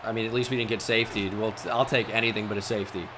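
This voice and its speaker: A man commentating a football video game as he plays, musing quietly and then shouting at big plays. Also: lowish voice, steady tone, racing, background noise. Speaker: gaming YouTuber. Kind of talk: gameplay commentary.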